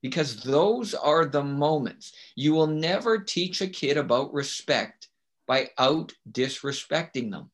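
A man with a higher-leaning, animated but unhurried voice appears as a guest on a podcast about teaching. In this casual interview, he's emphatic and frequently checks in with rhetorical questions like "right?"

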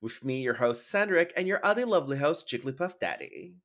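A young man co-hosting a podcast, trading campy, teasing jabs with his partner. His pitch swings around a lot as he talks, lively and playful. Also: fairly quick. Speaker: podcast co-host. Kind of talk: casual banter.

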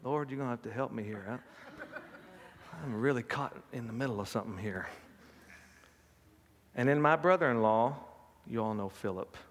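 A man's voice: medium pitch, moderate pace, long pauses, long reverb tail, slight background noise. A middle-aged man preaching a sermon, telling folksy personal stories. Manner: folksy storytelling with laughs and acted quotes.

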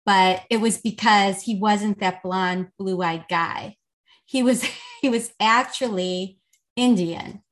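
A woman guest, an intimacy coach, telling a lively story in a casual podcast chat, with lots of "like". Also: medium pitch, slow. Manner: animated, chatty, lots of "like".

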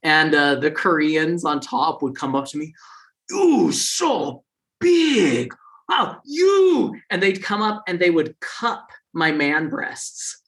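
Bright-voiced man telling a story. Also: on the high side, a little slow, few pauses. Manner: acts out quoted people with raised, funny voices. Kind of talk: casual personal storytelling.

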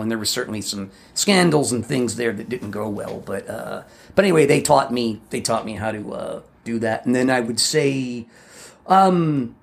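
A man in his fifties, a podcast co-host chatting casually and telling animated personal stories, acting out voices as he goes. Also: mid-range voice, vocal fry. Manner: animated storyteller who acts out voices and laughs along.

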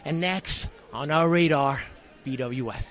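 A man cutting a wrestling promo in an interview, fired up and emotional, shouting and repeating himself. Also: on the high side, measured pace. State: hurting, emotional. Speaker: pro wrestler.

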